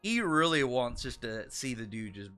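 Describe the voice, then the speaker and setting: A man's voice: medium pitch, big pitch swings, normal speed, a bit bright, soft background music. A young man reviewing a manga chapter in casual solo commentary, rambling with frequent restarts and lots of filler words.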